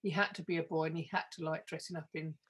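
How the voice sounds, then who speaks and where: Husky-voiced woman writer chatting as a guest, laughs a lot. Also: low voice, steady tone, quick pace. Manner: warm, chatty, laughs easily. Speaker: author and guest. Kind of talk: casual interview chat.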